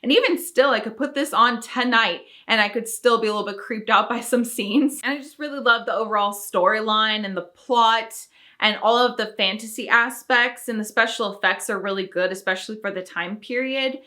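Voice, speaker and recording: A woman's voice: on the high side, moderate pace, pushed and bright. A young woman talking casually and enthusiastically about her favourite films, laughing often. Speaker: film review YouTuber. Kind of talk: casual film review talk.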